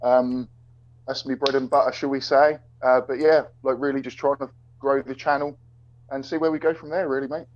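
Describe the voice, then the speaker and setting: A man's voice: mid-range voice, flat delivery, brisk, a little hiss or hum. Easygoing man, lo-fi audio. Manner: easygoing, laid-back. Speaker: debate moderator. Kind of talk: casual livestream talk. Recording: dull lo-fi online audio.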